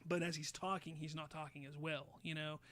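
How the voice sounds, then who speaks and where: A man hosting a podcast, casually retelling a show's plot with lively, swear-laden storytelling. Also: fairly high pitch, a little fast. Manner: animated storyteller, swears freely, acts out quotes. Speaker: podcast host.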